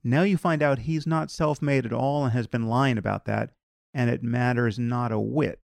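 A man hosts a podcast conversation, building his argument in a measured, deliberate way. His mid-range voice has a gravelly fry. The recording is close and dry. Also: mid-range voice, fairly even intonation, a little mellow, dry recording. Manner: measured, argumentative, many "you know" fillers. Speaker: podcast host. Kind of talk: conversational interview.

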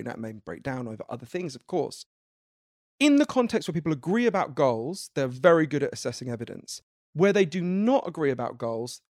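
A man from the United Kingdom, a guest author in an interview, explaining ideas in an animated, lively way. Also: medium pitch, dry recording, clean studio sound. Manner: animated, explanatory, laughs easily. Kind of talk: conversational interview.

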